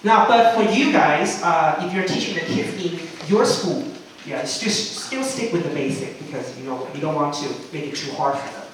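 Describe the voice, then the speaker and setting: A man's voice: on the high side, lively intonation, moderate pace, slight background noise. Man, chatty teacher trainer; recorded far off in a very echoey room. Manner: chatty, frequent "okay?" checks, demonstrates chants. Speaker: English teacher.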